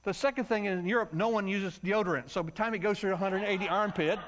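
Animated high-voiced preacher man. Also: fast talker, a little hiss or hum. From United States. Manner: animated, acts out voices and yells for comic effect. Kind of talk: storytelling sermon. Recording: dull lo-fi sound.

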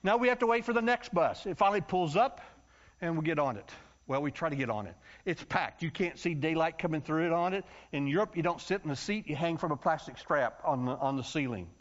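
A man from the United States preaching a story-filled sermon, acting out voices and yelling for comic effect. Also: a little high, a little fast. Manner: animated, acts out voices and yells for comic effect. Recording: dull lo-fi sound.

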